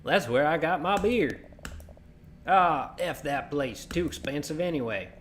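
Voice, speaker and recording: A man's voice: a little high, expressive, a little slow, fairly bright tone, a little hiss or hum, pitched above the performer's own voice. Man putting on a surly country drawl. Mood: hostile. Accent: country accent, put on. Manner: gruff, curt, drawling. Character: surly rural man hostile to police.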